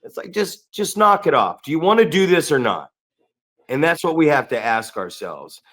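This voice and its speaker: A man talking on a podcast in a loose, blunt way, swearing freely and slipping into voices for the people he quotes. His voice sits a little high for a man. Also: big pitch swings, normal speed, a bit bright. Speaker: podcast co-host and wrestling trainer. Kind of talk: casual podcast chat.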